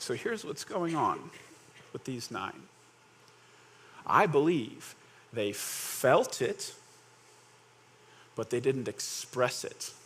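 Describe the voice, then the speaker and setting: High-pitched and fairly bright, a male pastor talks through his sermon conversationally. Along the way he questions the audience and brings scenes to life with quoted voices.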